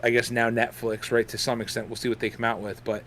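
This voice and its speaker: A man's voice: mid-range voice, monotone, quick pace, a bit bright, a little hiss or hum. Rambling man co-hosting a podcast. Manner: rambling, lots of fillers and restarts; chewing gum while talking. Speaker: podcast co-host. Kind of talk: casual gaming podcast chat.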